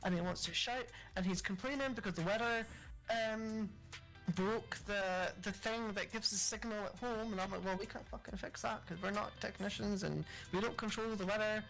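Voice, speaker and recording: A woman co-hosting a podcast, telling customer service stories in a casual, animated way, acting out angry customers and swearing freely. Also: mid-range voice, normal speed, gravelly, faint music behind, low-quality recording. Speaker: podcast co-host. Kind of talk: casual storytelling chat.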